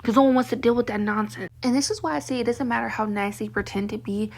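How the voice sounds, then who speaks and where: Husky young woman ranting. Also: fairly high pitch, steady tone, quick pace. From Baltimore, Maryland. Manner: heated, profane, venting. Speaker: vlogger. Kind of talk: ranting monologue to camera.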